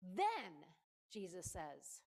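A woman's voice: lowish voice, huge pitch swings, very slow, gravelly, darkish tone. A woman preaching a conversational sermon in a church, playful and emphatic, often stopping to speak directly to her listeners.

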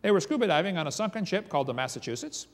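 Man lecturing in a booming hall. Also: rapid-fire. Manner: animated, reads eyewitness quotes aloud with emphasis. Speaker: creation seminar speaker. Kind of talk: lecture with dramatic storytelling. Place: large hall or church. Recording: long reverb from a hall.

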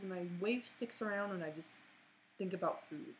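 A woman's voice: medium pitch, moderate pace, a little hiss or hum, poor audio. A woman rambling through an awkward, self-mocking apology video at home, recorded on her computer. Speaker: vlogger. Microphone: computer mic.

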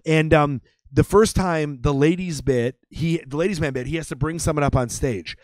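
Guy from chicago chatting on a podcast, jokey, high-ish voice, dry sound. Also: moderate pace, no room sound. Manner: excitable, jokey interjections. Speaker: comedian guest. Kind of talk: casual chat. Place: comedy club room.

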